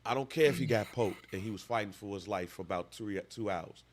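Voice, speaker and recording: A man's voice: fairly low pitch, fairly quick. A man in his thirties, a podcast co-host, telling a story with lots of animation and acting out voices in casual chat.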